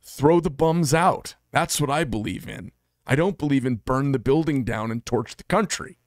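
A knife maker and channel host from the United States, middle-aged, addresses the camera alone with blunt, profane combativeness. His mid-range voice has lively intonation at a moderate pace, in a dry recording with clean studio sound.

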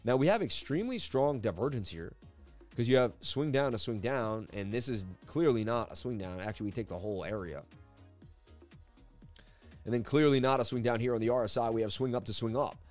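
A man hosting a casual live stream of crypto chart analysis from his seat at a desk, talking in an energetic, rambling, jokey way. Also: medium pitch, fairly quick, faint music behind. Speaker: crypto market analyst host. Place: seated at a desk indoors.

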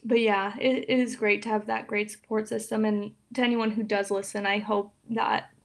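A young woman speaking as a podcast guest, talking openly and emotionally in a casual, soft way with many fillers. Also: mid-range voice, little pitch movement, normal speed. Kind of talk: casual interview chat.

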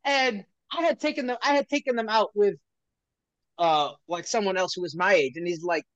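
A man co-hosting a podcast tells a story in casual chat. He talks in an animated way, laughs often and restarts his sentences. The recording is dry and a little muffled. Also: high-pitched, normal speed, dry recording. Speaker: podcast co-host. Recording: dry, slightly muffled lo-fi audio.

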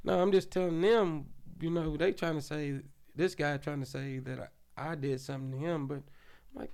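A man's voice: a little high, fairly even intonation, a little fast, gravelly, darkish tone, clean tone. A man, a podcast guest, telling a story in casual chat. His speech is loose and profane, full of "you know what I'm saying.".

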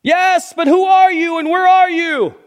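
A man voicing a frantic man dangling from a cliff branch, yelling and pleading for help. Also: very high voice, steady tone, unhurried, voice pushed up. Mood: panicked shouting.

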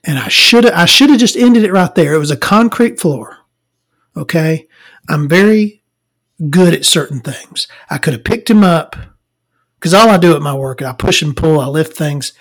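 A woman's voice: animated, normal speed. Crude, rambling woman ranting. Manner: crude, rambling and exasperated, heavy swearing; jumps between loud outbursts and low mutters. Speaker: vlogger telling a story. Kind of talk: profane storytelling rant.

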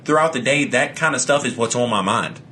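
A man in casual chat who rants with lots of swearing, laughs as he talks, and mocks other people in flat put-on voices. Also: mid-range voice, fairly quick, slight background noise. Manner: laughs often while talking.

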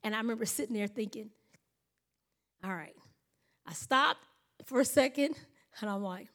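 A high-pitched woman in her thirties, preaching. She tells stories from the pulpit and slips into the voices of the people she quotes, then gets back to her point. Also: expressive, normal speed. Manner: storytelling, acts out quoted voices. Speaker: pastor. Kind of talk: sermon.

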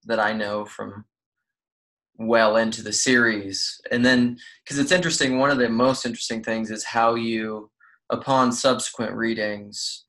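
Male co-host, thoughtful book chat, mid-low voice, musing. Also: little pitch movement, measured pace, fairly bright tone, low-quality recording. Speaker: podcast co-host. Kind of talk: casual book discussion.

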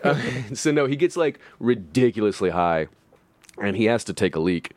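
Low-voiced guy with a bouncy delivery, laughing through his stoner story, dry close mic. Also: moderate pace, dry recording. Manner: laughs often, animated voices in quotes. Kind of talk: casual storytelling chat.

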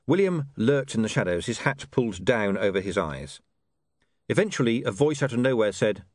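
Guy reading an audiobook, wry deadpan tone, lively ups and downs, very dry close sound. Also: fairly low pitch, moderate pace, no echo. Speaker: audiobook narrator. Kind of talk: scripted narration.

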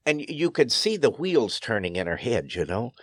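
Earnest pastor telling stories, close and dry. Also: male voice, medium pitch, very animated, moderate pace, slightly rough, no room sound. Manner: earnest, emphatic, rising sharply on key phrases. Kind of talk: storytelling interview.

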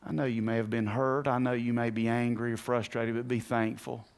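A man preaching a sermon to a congregation in a church, swinging between hushed and loud, and putting questions to his listeners. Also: mid-range voice, flat delivery, a little fast. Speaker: pastor.

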